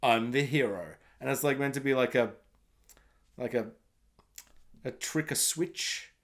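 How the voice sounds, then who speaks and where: A man's voice: mid-range voice, measured pace. A man giving a rambling, sarcastic film review rant, mocking and swearing freely.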